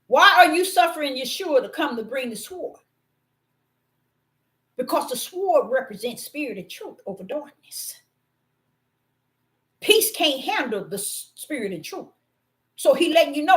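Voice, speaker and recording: High, lively woman preaching on a livestream. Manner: preaching with sudden bursts, exclaims and drawn-out scripture reading. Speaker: preacher teaching scripture on a livestream. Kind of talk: livestream sermon.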